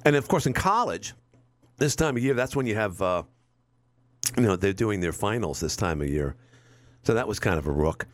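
A man's voice: lowish voice, animated, moderate pace, pauses often, dry recording. A man in his fifties hosting a talk radio show, rambling wryly and repeating words as he chats. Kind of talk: casual talk radio monologue. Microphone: studio microphone.

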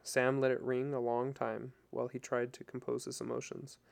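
A man narrating a novel in a steady, unhurried audiobook reading. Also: mid-range voice, creaky.

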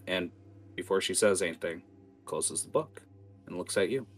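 A man's voice: low voice, moderate pace, pauses often. A man narrating a tabletop game as game master, in a casual, rambling way. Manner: casual, many fillers and restarts.

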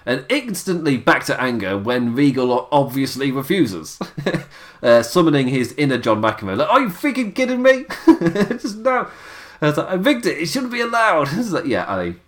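A man talking through a weekly wrestling show in loose, rambling sentences. He chuckles often, fills his pauses with drawn-out filler sounds, and sits at an ordinary middle pitch. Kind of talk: casual spoken review.

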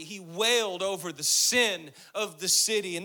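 This pastor's voice sits high and sounds sharp, unhurried yet with hardly any pauses. In his sermon he reads and explains scripture, voicing Jesus' words and repeating phrases for emphasis with steadily rising intensity.

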